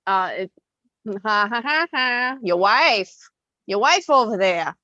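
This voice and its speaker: A woman co-hosting a casual podcast, quick to react and object. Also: medium pitch, lively intonation, sharp tone, no echo. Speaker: podcast co-host. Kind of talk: casual chat. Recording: dull lo-fi remote line.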